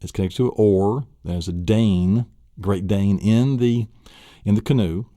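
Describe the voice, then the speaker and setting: Low mellow-voiced male memory teacher. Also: a little slow, no echo, clean studio sound. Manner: enthusiastic, asks and answers his own questions. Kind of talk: spoken lesson walkthrough.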